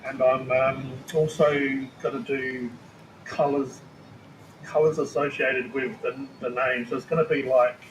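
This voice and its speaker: A man's voice: medium pitch, level tone, unhurried. A man chatting casually on a live stream about his food review videos, rambling and swearing freely. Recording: roomy space with faint ambient noise.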